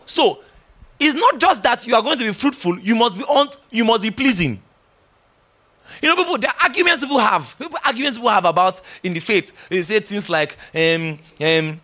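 A man's voice: sits high, moderate pace. A middle-aged man preaching a sermon, emphatic and teasing, acting out little dialogues as he goes. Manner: animated, emphatic, teasing, with laughs and acted-out dialogue.

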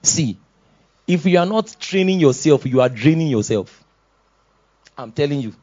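A Nigerian man preaching a sermon as pastor, moving from quiet asides to loud shouted exhortations. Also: fairly high pitch, animated, moderate pace, lo-fi sound. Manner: swings from soft asides to loud shouted exhortations, laughs often.

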